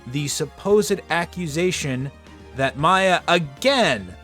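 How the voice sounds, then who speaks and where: A man co-hosting a let's play video, chatting casually and making wry, deadpan jokes. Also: a little high, takes it slowly, faint music behind. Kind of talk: casual gaming chat.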